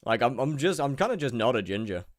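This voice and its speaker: A man's voice: mid-range voice, sing-song, fast talker, no echo, studio quality. A young man chatting casually while he streams a game, rambling, repeating words and answering his chat.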